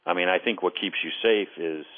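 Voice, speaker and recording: Here a former intelligence case officer, his voice sitting low, appears as a guest on call-in radio. The sound comes through a telephone line, and he speaks with earnest deliberation, repeating words as each thought gets going.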